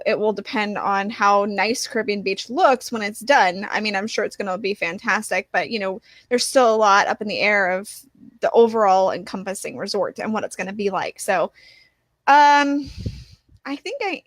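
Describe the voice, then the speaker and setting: A woman's voice: medium pitch, fairly bright tone, dry recording, clean studio sound. A woman co-hosting a casual podcast, thinking aloud, hesitant, with many fillers. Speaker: podcast co-host. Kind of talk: casual chat.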